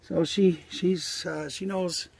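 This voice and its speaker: A man's voice: high voice, fairly even intonation, takes it slowly, vocal fry, darkish tone, breathy edge, no room sound. An older man casually vlogging outdoors by a trailer near the woods, rambling and coaxing animals fondly, swearing now and then. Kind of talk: casual outdoor vlog narration.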